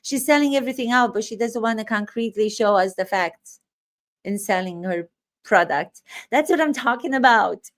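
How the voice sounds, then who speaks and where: A woman's voice: fairly high pitch, moderate pace. A woman acting coach giving reaction commentary, emphatic and incredulous, firing off rhetorical questions.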